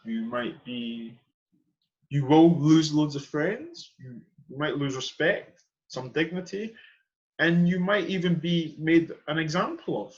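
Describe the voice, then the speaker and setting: Passionate man, slightly raised pitch. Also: takes it slowly, highs cut off. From Edinburgh, Scotland. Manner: passionate, emphatic, repeats key phrases. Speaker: podcast host. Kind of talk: earnest conversational monologue.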